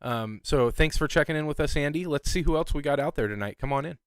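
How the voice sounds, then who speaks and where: Hosting an amateur radio net, a man chats in an easygoing, casual manner, frequently chuckling and padding pauses with ums and uhs. His smooth voice sits on the high side, and there's no echo.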